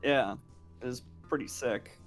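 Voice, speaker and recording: A man's voice: mid-range voice, a little slow, soft background music. A man co-hosting a live stream, telling a rambling story with plenty of swearing and giggles. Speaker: co-host on a stream. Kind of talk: casual anecdote-telling.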